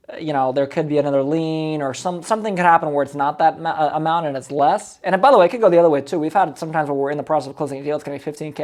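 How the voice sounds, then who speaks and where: Fast-talking man coaching on sales calls. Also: a little high, darkish tone. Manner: quick, explanatory, repeats himself. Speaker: real estate business coach. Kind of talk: commentary on his own recorded calls.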